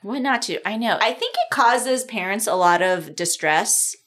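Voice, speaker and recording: A woman's voice: medium pitch, lively intonation, measured pace, fairly bright tone. A middle-aged woman co-hosting a podcast in casual, playful chat. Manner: playful, chatty, laughs often. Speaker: podcast co-host.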